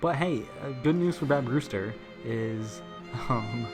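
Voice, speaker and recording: Male streamer, casual live chat, mid-range pitch, rambling and self-deprecating, music bed underneath. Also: takes it slowly. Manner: rambling, self-mocking, joking asides. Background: music playing.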